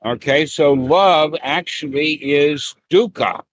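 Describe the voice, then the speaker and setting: A man's voice: fairly high pitch, slow. A man giving a plain-spoken, folksy Buddhist teaching talk over an online group call. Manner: plain-spoken, folksy, acts out quoted lines.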